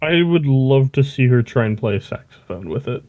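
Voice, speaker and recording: Male co-host with dry, deadpan humor, on slightly muffled audio. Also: medium pitch, normal speed. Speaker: podcast co-host. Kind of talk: casual podcast chat. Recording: slightly dull podcast audio.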